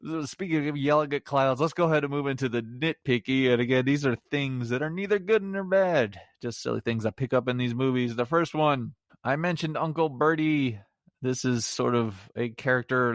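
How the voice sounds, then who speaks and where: A man's voice: medium pitch, no room sound, studio quality. A middle-aged man giving a casual solo movie review on a podcast, rambling and sarcastic, laughing at his own jokes.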